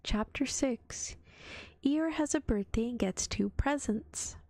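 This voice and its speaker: A woman reading a children's storybook aloud in a gentle ASMR whisper. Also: sits high, slow, no room sound. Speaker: vtuber storyteller.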